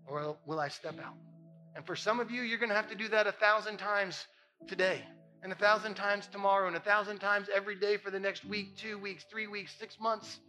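A man's voice: high-pitched, sharp tone. A man preaching as a pastor, impassioned and emphatic, repeating phrases for effect. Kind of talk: sermon.

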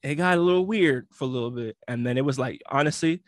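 A young man in casual chat, telling a story in a slangy, animated way and acting out the other people in it. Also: medium pitch, fast, dry recording, studio quality. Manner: slangy, animated storytelling with frequent laughs and acted-out quotes.

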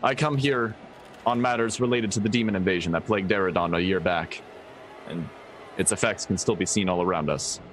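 A man voicing a polite, formal male cleric in a tabletop game, speaking higher than his own voice. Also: a little fast, a little hiss or hum, close to an everyday voice. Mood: courteous. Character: courteous male cleric adventurer.

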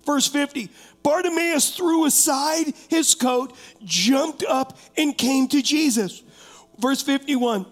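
A man preaching a sermon as pastor, animated, calling on members of the congregation and shouting out to show his point. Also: very high-pitched, slow. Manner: shouts to demonstrate, rising to loud bursts. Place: church sanctuary. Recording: long hall reverb.

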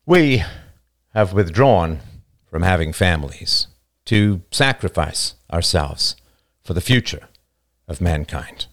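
A man voicing a bearded male leader of a zealous brotherhood, preaching solemnly and crying out in desperation. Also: lowish voice.

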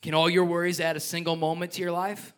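A pastor preaches a sermon with passion, reading scripture aloud and joking with the congregation. His voice is a little high, clear and resonant, with a level tone and a fast delivery.

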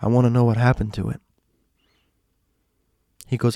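A man recounting a story in a gravelly, easygoing voice at a middle pitch. He leans into dramatic pauses and hushed stretches for suspense, recorded close and dry. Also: little pitch movement, no echo. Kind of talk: casual spoken storytelling.

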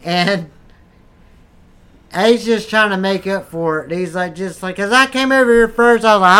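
A man's voice: high-pitched, moderate pace, pushed and bright, clear, resonant tone. A man hosting a podcast, rambling in crude, profane comedic banter and laughing often. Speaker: podcast host.

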